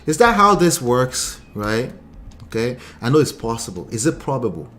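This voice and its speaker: This relationship coach and channel host speaks in a mid-range, slightly bright voice that is very animated, at normal speed. Running a relationship livestream, he reads out viewer comments and responds with rhetorical questions and forceful, repeated points. He laughs a lot and puts on silly voices to mock the lines he quotes.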